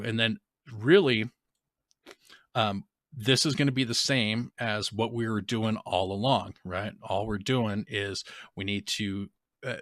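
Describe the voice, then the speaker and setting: A man walks viewers through his game project on a live stream, talking off the cuff with restarts and casual grammar. His voice sits low but has a bright, forceful edge. The sound is dry and close. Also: no echo. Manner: rambling, restarts and fillers, informal grammar. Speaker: game development tutorial streamer. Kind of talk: live-stream coding tutorial.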